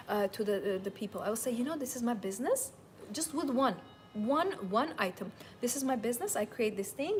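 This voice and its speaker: Animated woman giving a seminar. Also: fairly high pitch, a little hiss or hum, poor audio. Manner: animated, emphatic, repeats itself. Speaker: seminar host. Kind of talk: live seminar talk.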